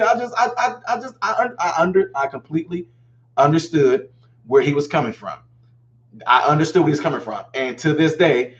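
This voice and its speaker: A man's voice: high-pitched, highs cut off. A man in his forties hosting a live call-in show, talking emphatically and acting out quoted lines. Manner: fast, emphatic, acts out quotes. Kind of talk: animated call-in talk.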